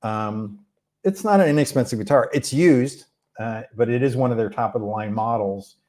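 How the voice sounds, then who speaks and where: Live-streaming from a rented room in another country, the host of a music channel takes viewer questions in a loose, rambling, easygoing manner peppered with fillers. His pitch is medium and his pace normal.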